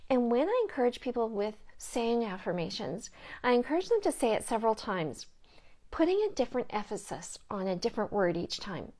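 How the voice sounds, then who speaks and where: A middle-aged woman giving a gentle talk on coping with grief as a grief support counselor, soft-spoken and often dropping to a hushed whisper. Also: medium pitch, gravelly.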